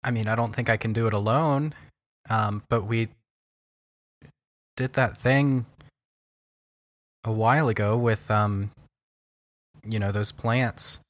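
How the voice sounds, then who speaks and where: A man playing a tabletop game, speaking in a hesitant, halting way. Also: on the low side, dry recording, clean studio sound. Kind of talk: casual in-character play.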